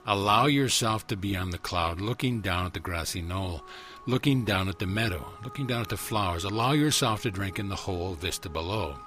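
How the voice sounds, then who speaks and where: Deep-voiced man leading a guided meditation. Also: lively intonation, a bit bright, soft background music. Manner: slow, measured, soothing cadence with repeated questions. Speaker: spiritual teacher.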